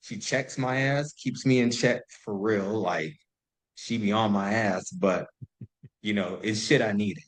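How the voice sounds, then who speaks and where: A man's voice: fairly low pitch, a little slow, rough recording. A man in his thirties, a podcast guest, telling stories in loose, profane casual chat full of "like". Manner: loose and profane, heavy use of "like".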